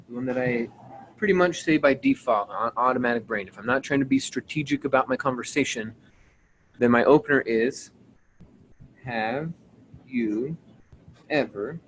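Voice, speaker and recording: A man runs a sales training call in a steady, mid-range voice. He drills his team on conversation openers, often asking "right?" to check they follow, and acts out sample lines along the way. A soft hum of room noise sits faintly underneath. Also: medium pitch, rough recording. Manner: coaching, repeats points and checks with "right?".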